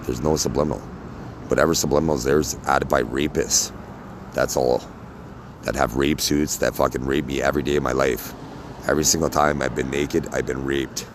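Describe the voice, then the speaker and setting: A man talking casually to camera in a rambling, halting monologue full of fillers and tag questions. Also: very deep voice, steady tone, background noise. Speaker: vlogger.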